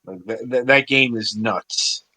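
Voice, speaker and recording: A man hosts a relaxed interview with a bright, clear voice of middle pitch. He eases into his questions in a loose, rambling way. The recording is close and dry. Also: measured pace, dry recording. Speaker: podcast host. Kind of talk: casual interview chat.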